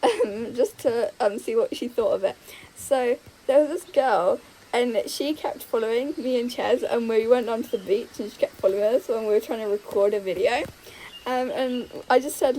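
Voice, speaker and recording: Young woman gaming vlogger, chatty and giggly, slightly high voice. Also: normal speed, warm tone, low-quality recording. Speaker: gaming YouTuber. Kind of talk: casual storytelling over gameplay.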